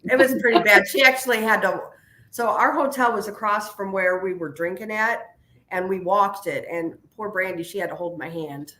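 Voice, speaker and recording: A woman's voice: mid-range voice, normal speed, sharp tone, low-quality recording. A woman co-hosting a casual live-stream chat, chatty and reading viewer questions aloud. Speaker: co-host.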